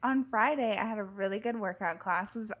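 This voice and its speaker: A young woman co-hosting a chatty podcast, her voice carrying a gravelly fry at mid pitch. She tells animated stories with casual swearing and lots of back-and-forth. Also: fairly quick. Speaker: podcast co-host. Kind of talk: casual chat.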